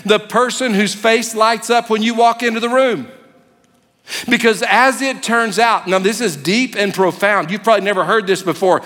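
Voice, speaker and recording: High-voiced pastor preaching in a hall. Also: male voice, normal speed. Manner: animated, humorous, acts out quotes. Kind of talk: sermon. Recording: long hall reverb.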